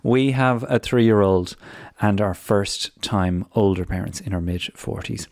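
A man with a fairly low voice hosts a relaxed podcast. He reads listener emails aloud and chats in an easygoing, joking manner. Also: a little slow. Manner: jokey, easygoing. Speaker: podcast host. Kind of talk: casual podcast chat, reading listener emails.

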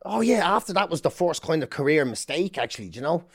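Irish man, 40s, podcast guest, lively pitch, cursing storyteller. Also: fast, creaky, husky. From Ireland. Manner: animated, swears freely, acts out quotes. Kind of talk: casual storytelling chat.

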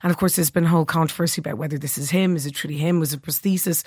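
Hoarse, chatty Irish woman. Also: deep voice, fairly even intonation, racing, a little mellow, no room sound, clean studio sound. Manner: chatty, enthusiastic, many fillers. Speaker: entertainment correspondent. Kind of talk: radio phone-in chat.

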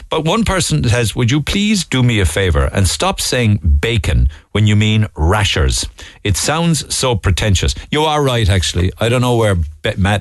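A middle-aged man with a Cork accent hosts a radio phone-in. His low voice rises and falls with lively swings, and he keeps it chatty as he reads listener texts. The studio sound is dry and close. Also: no room sound. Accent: Irish, Cork. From Ireland. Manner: chatty, conversational, reading lists with asides. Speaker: radio show host.

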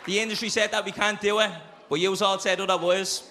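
A young man with a Dublin accent, co-hosting a live podcast show on stage and telling a story in a brash, sweary, animated way. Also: sits high, brisk, a crowd in the background, noisy background. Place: live venue before an audience.

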